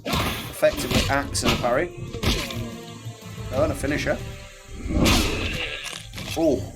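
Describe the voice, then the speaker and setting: A man's voice: mid-range voice, fairly even intonation, measured pace. A man from England doing chatty, wry gameplay commentary and reading game text aloud. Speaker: let's play host. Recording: music behind.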